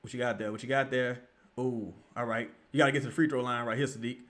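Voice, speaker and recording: A man giving profane, excitable live commentary while he watches a basketball game, often shouting at plays. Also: medium pitch, quick pace. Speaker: live-reaction streamer.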